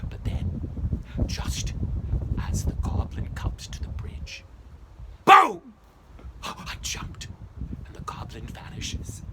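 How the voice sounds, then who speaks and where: A male storyteller performing as an old, love-lorn schoolmaster, Ichabod Crane, telling the tale in a theatrical first-person style that drops into hushed whispers. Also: high voice, huge pitch swings, takes it slowly. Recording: noisy background hiss.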